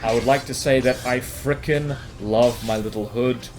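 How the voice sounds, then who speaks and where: Speaking at a normal speed with fairly even intonation and a medium pitch, this gaming commentator from New Zealand has a New Zealand accent. He rambles and mocks himself while commenting on his gameplay.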